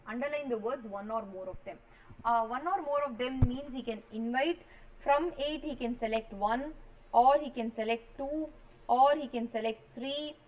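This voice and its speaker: A woman's voice: fairly high pitch, a little mellow, slight background noise, rough recording. A woman, teaching a maths revision lecture and walking students through each step, often checking they follow. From India.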